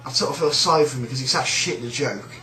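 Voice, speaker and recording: A man's voice: mid-range voice, fast talker, pushed and bright, roomy sound, faint music behind, low-quality recording. A man with a British accent ranting in a sneering, rambling, sweary way about a coworker. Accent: British English. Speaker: shop worker. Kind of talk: casual rant.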